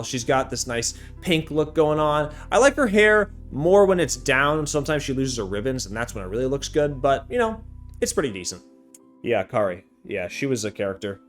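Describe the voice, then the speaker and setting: A man giving a casual, sarcastic anime review with big jumps in pitch. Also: lively intonation, brisk, soft background music. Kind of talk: casual commentary.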